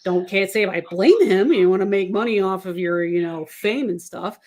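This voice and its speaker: A woman's voice: medium pitch, moderate pace, darkish tone. A woman from the Kansas City area chatting casually as a podcast guest, rambling and laughing often. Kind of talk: casual chat about football.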